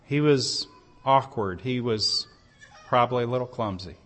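A man's voice: medium pitch, measured pace, a bit bright. A man preaching a sermon, telling a personal story in an earnest way, with emphatic rises on key phrases. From United States.

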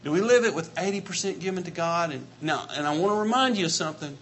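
A man preaching a sermon with passion, repeating his phrases and building to shouts. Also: on the high side, expressive, fast.

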